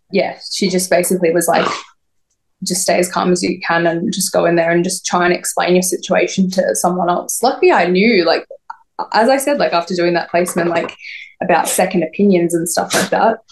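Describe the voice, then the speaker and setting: Woman, young adult, rambling storyteller, low-pitched. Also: normal speed, slight background noise. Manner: rambling, lots of "like", quoting others. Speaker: podcast guest. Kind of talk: recounting a personal story in an interview.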